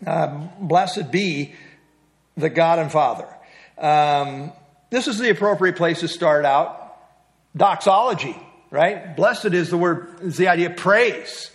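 A man's voice: on the high side, slow pace. A middle-aged man teaching an evening Bible study in a conversational way, asking his listeners questions. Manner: conversational, asks the group questions.

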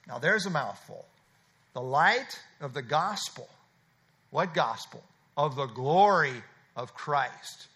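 A man's voice: mid-range voice, lively intonation, slow pace, sharp tone. A man preaching a sermon, explaining scripture verse by verse with repeated emphatic phrases and frequent uh fillers. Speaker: pastor.

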